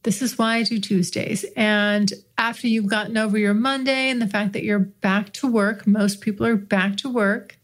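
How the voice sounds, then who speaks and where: An American woman hosting a podcast in a relaxed, chatty way, leaning back and talking sideways into the mic in her office. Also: on the high side. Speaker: podcast host. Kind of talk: casual podcast chat. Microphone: recording sideways into a studio mic while reclined.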